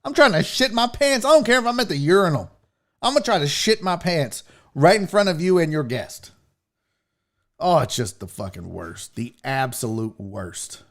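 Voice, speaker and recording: A man's voice: on the high side, normal speed. A man hosting a casual show, ranting comically and profanely about pet peeves while reading viewer comments. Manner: profane, exasperated, animated storytelling. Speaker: show host.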